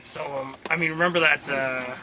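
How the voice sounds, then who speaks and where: A man's voice: a little high, steady tone, fairly quick, heavy background noise. A man talking in a casual, rambling way full of fillers in an improvised comedy sketch. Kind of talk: improvised comedy web series.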